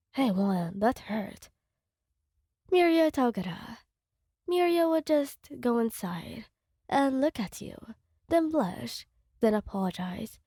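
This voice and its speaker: Woman narrator for a fan story, slow, mellow and fairly high, dry close sound. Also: no echo. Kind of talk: reading a fan fiction story.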